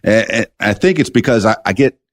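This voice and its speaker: A man's voice: lowish voice, expressive, brisk. A man hosting a casual podcast interview, chatty and joking, often restarting his words. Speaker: podcast host.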